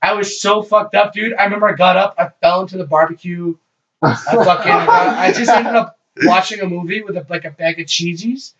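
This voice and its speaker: Young canadian guy telling a rowdy story, high voice, sounds far off and muffled. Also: brisk. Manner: animated, swearing storytelling. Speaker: storyteller in a group chat. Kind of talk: casual chat. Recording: distant muffled mic.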